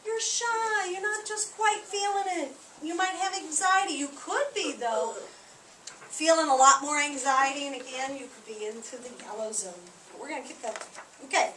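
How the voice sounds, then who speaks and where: A woman teacher giving a lively lesson to young children, acting out feelings for the class. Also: high-pitched, normal speed, slight background noise. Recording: echoey room recorded from a distance.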